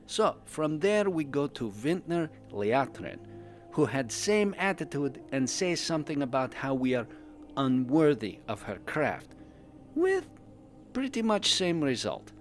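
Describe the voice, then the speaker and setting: A man's voice: fairly high pitch, sing-song, a little slow, faint music behind. A man voicing a cheerful male pandaren adventurer, a doting husband who tells his story in broken English with dropped articles. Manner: broken English, drops articles and verb endings. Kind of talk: in-character fan podcast storytelling.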